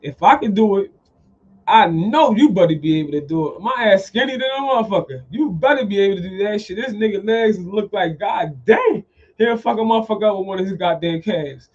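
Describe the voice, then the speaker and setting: Profane, animated man with a fairly high voice. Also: fairly quick. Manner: profane, animated, repeats phrases. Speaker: podcast host. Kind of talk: casual storytelling monologue. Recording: dull lo-fi sound.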